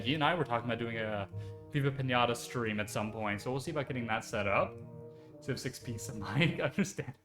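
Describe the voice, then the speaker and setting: A man streaming live, chatting casually and excitedly, rambling with lots of fillers. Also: mid-range voice. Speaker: VTuber streamer. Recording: echoey room with faint music behind.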